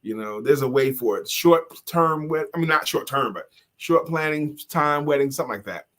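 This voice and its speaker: A middle-aged man hosting a live talk show, reading out viewer comments and singing short jingles in an animated way. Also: on the high side, normal speed. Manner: animated, sing-song jingles, bursts into shouts. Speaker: host.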